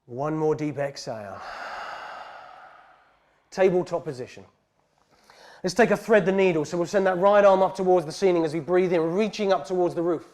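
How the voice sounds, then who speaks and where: A man teaching a guided yoga class, calmly cueing breaths and poses. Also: sits high, fast. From England. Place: heated yoga studio.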